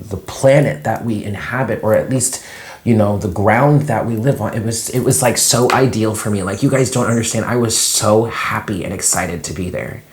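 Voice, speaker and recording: A tarot card reader talking through a casual daily reading vlog in a rambling, chatty way, full of fillers and easily moved to emotion. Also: mid-range voice. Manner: gets emotional when telling a dream.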